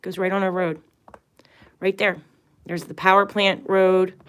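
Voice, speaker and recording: A woman's voice: medium pitch, flat delivery, unhurried, a bit bright, clean tone. Woman on a livestream rambling on, keeps restarting, really earnest about it. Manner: rambling, repeats herself, restarts often; earnest and emphatic. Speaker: tarot and astrology livestream host. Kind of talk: casual livestream talk.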